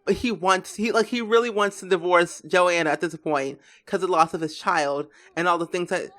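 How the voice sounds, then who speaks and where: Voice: mid-range voice, fairly even intonation, moderate pace, fairly bright tone. A gameplay commentator talking casually and rambling on, with lots of filler words and restarts.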